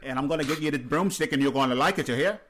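A man's voice: on the high side, rapid-fire, fairly bright tone, a little hiss or hum, lightly acted. A man doing a comic Australian accent as a bossy, threatening male home intruder barking orders. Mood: menacing.

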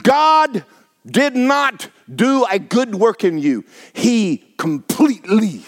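A man's voice: sits high, big pitch swings, slow pace. A middle-aged male pastor, preaching a sermon in a folksy, emphatic way and repeating phrases for effect.

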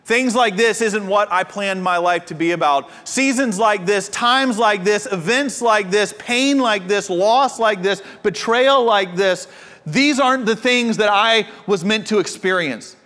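A man preaching a sermon as a pastor, impassioned at times and at other times dropping to quiet intensity. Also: high voice, a little slow. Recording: reverberant hall.

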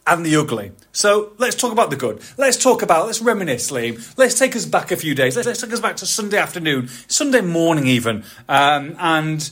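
A man, hosting a podcast in a chatty, animated storytelling way. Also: on the high side, fairly quick, hardly any pauses, breathy edge. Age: 40s. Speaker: podcast host. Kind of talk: casual chat.

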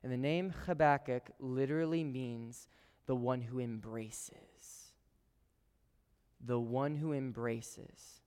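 A man preaching a sermon to a live congregation, conversational and playful, with quick asides to the room. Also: medium pitch, steady tone, darkish tone, smooth. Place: church sanctuary with a live congregation. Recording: long reverb of a large hall.

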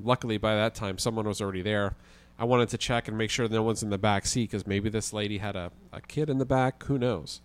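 A man with a somewhat low voice speaks as a podcast guest. He tells his story casually and vividly, dropping the occasional swear word. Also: smooth.

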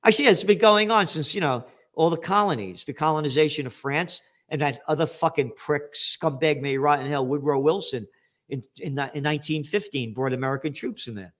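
A man's voice: a little high, brisk, fairly bright tone. Profane, ranting older man. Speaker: show host. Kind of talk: angry political commentary.

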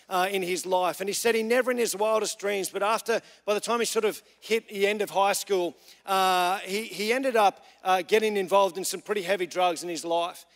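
High-voiced man preaching in a reverberant church. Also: a bit bright. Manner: earnest storytelling with frequent fillers. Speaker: young adults pastor. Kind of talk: church sermon. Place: large church hall. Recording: long reverb of a church hall.

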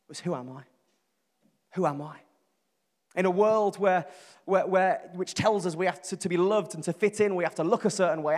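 Earnest man preaching in a hall. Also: sits high. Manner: earnest, emphatic, builds lists and repeats phrases. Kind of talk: sermon. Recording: long reverb from a large hall.

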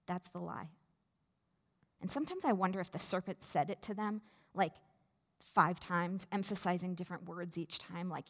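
A woman pastor preaching a sermon in a slow, measured way with deliberate pauses. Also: lowish voice. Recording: long reverb of a large hall.

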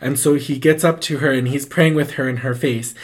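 Man telling a story casually, animated and rambling, acts out voices, mid-range pitch. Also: brisk. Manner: loose and rambling, full of "like".

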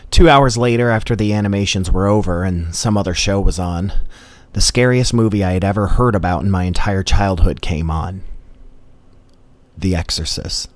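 Guy telling a funny story, low voice, dead dry sound. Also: normal speed, no echo. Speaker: storyteller host. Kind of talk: comedic personal storytelling.

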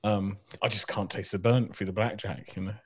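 Guy, low voice, swears a lot, blunt podcast banter. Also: steady tone, a little fast, slightly rough. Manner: sweary, blunt, laughing storyteller. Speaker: podcast co-host, vape shop worker.

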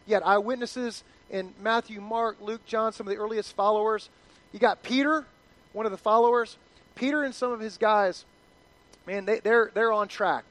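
A middle-aged male pastor preaching a sermon in an animated, conversational way, acting out quotes. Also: high voice, normal speed, low-quality recording.

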